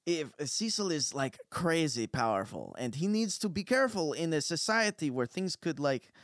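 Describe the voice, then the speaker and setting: A man's voice: very animated, moderate pace, no echo, clean studio sound. A man voicing a pushy male car dealer who keeps reassuring his customers. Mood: pleading. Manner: salesman's smooth pitch, calls everyone friend.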